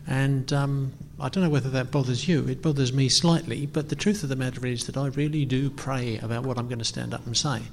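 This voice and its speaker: A man's voice: medium pitch, fairly even intonation, a little fast, hardly any pauses, slight background noise. A middle-aged man preaching a sermon in a casual, hesitant way, full of ums and self-deprecating asides. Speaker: pastor. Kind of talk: conversational sermon. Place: church. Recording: long reverb of a church hall.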